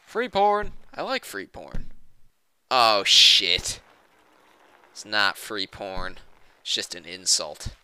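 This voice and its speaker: A man giving loud, goofy running commentary over a video game, swinging between squeals and low mutters. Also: takes it slowly, long pauses, a little hiss or hum. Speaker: gaming let's-player. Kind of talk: loud comedic gameplay commentary.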